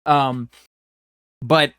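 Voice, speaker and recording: A man's voice: mid-range voice, very slow, clean tone, no echo. Young man, podcast co-host, rambling and profane, dry close sound. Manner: rambling, profane, animated, puts on comic voices. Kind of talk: casual banter, storytelling with silly voices.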